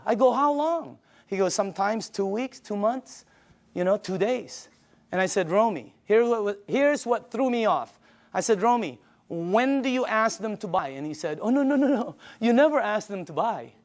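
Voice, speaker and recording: An older man with a high voice delivering an emphatic sales pitch. He presses each point and acts out conversations with friends as he goes. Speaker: business presenter. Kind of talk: sales presentation.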